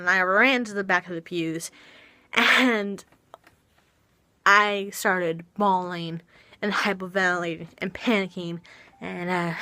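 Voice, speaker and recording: A woman's voice: mid-range voice, pushed and bright, dry recording. A young woman talking hesitantly in a confessional vlog, with many restarts and sighs. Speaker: vlogger. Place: home.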